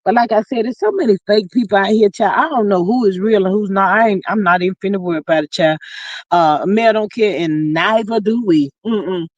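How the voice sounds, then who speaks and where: A woman hosting a casual livestream, reading viewer comments aloud and telling stories with big pitch swings, drawn-out exclamations and frequent laughter. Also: darkish tone, dry recording. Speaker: livestream host. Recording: dull lo-fi, dry sound.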